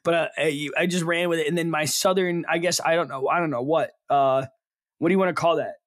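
A man's voice: fairly high pitch, steady tone, brisk. A man co-hosting a casual podcast chat, rambling and flustered, repeating himself as he talks. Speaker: podcast co-host.

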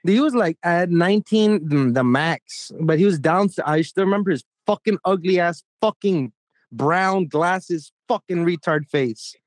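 A young man with a slightly high voice rambles through a crude, profane story, his emphasis jumping around as he goes. He is close to the mic in a dry, dead-sounding room with no echo at all. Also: unhurried. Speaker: podcast co-host. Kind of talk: casual crude podcast banter.

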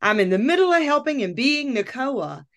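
A woman coach and host telling a personal story in casual conversation, acting out her own thoughts with lively emphasis. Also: high-pitched, normal speed.

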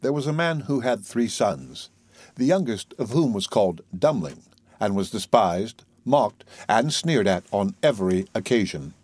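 A man narrating a classic fairy tale as an audiobook in a measured, clear reading. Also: lowish voice, expressive, a little mellow, no room sound. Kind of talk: scripted storybook narration.

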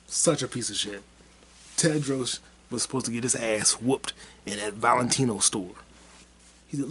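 A man's voice: medium pitch, moderate pace, long pauses, fairly bright tone, breathy edge. A man hosting his own podcast, rambling through a casual solo monologue in a crude, heated way and mocking people with repeated put-downs. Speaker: podcast host.

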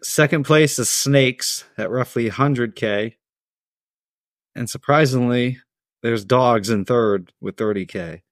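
A man's voice: mid-range voice, slow, no echo, studio quality. A man hosting a podcast, reading a story from a script in a laid-back way with casual asides. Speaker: podcast host.

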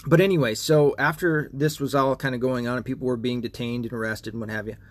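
A man's voice: mid-range voice, fairly even intonation, fast. A man hosting a podcast, talking in a casual, rambling and profane rant. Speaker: podcast host. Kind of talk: casual monologue.

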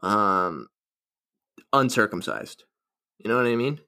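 Bright-voiced young man rambling crudely. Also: lowish voice, sing-song, slow pace, clean tone. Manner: rambling, crude joking, self-mocking. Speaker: podcast host. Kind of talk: casual solo podcast chat.

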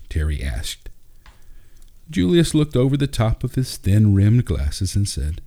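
Brief: calm male narrator for a storybook, deep and mellow. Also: a little slow. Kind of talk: storybook reading.

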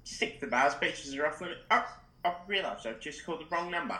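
A man's voice: fairly high pitch, expressive, fast, sharp tone. An Australian man in his fifties giving a radio surf report on a voice message. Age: 50s. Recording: distant echoey voice message.

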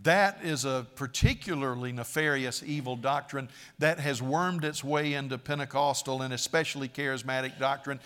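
A man's voice: medium pitch, steady tone, moderate pace, hardly any pauses, bright, forceful tone, clean tone. A man preaching a sermon, dramatic and emphatic, acting out quoted speakers with a raised voice. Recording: long reverb of a large hall.

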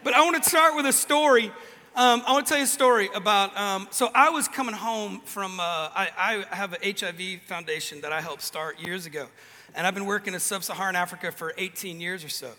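Male preacher, very high and bright, loose joking delivery, reverberant venue. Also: a little fast. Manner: casual, joking storyteller with restarts. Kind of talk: sermon. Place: large event venue with a band.

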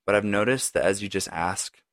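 Fairly quick and on the low side, with a fairly bright tone, a man hosts a reflective podcast by himself. He's conversational and earnest, talking straight to the listener with plenty of "like" and "right?" Clean studio sound, no room sound.

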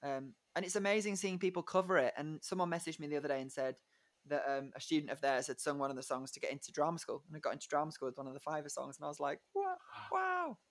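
Young male stage performer, slightly high pitch, rambling giggly interview chat. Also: fairly even intonation, very fast. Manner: chatty, giggly, rambling with many fillers. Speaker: musical theatre performer, guest.

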